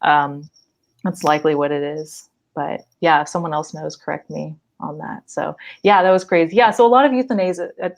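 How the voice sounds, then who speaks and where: A young woman with a notably low voice talks through her fieldwork on a podcast. Her telling is animated and casual, scattered with "like" and quick laughs. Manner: animated storytelling with frequent likes and laughs. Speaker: wildlife biologist guest.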